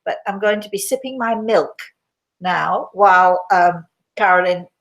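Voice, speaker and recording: A woman's voice: mid-range voice, a little slow, a bit bright. An older British woman with a British accent hosting a casual livestream, chatty and rambling, laughing easily. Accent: British English. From Britain. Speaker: host. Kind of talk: casual livestream chat with audience questions.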